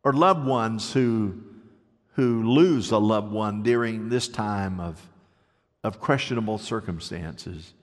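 An older man preaching a sermon, telling stories and moving between lively stretches and soft, hushed passages. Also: fairly low pitch, slow, in a large hall. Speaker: pastor.

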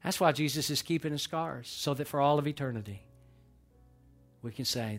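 A middle-aged man preaching a sermon to his church, swinging between loud emphatic peaks and soft hushed lows. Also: moderate pace, faint music behind. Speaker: pastor. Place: church sanctuary.

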